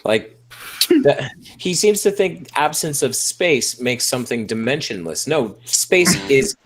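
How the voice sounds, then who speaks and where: A man's voice: medium pitch, very animated, measured pace, breathy edge. A man on a casual podcast, explaining points with dry jokes. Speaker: co-host.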